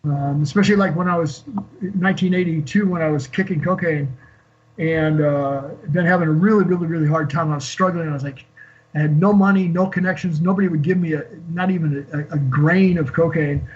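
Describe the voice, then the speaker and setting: A man in his sixties, a guest on an interview show, telling an emotional personal story in a halting way with many fillers and restarts. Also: fairly high pitch, steady tone. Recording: dull lo-fi call audio.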